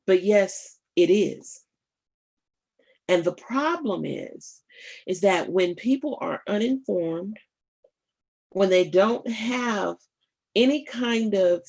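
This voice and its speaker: A woman hosting a live radio show, giving political commentary in an emphatic, rhetorical way and speaking straight to her listeners, with pauses and fillers as she thinks aloud. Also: medium pitch, animated, gravelly, a little mellow, husky.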